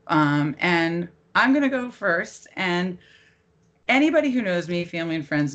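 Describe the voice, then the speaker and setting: A woman's voice: lowish voice, a bit bright, lo-fi sound. A middle-aged woman hosting a casual sports podcast, chatty and self-deprecating. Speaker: podcast host.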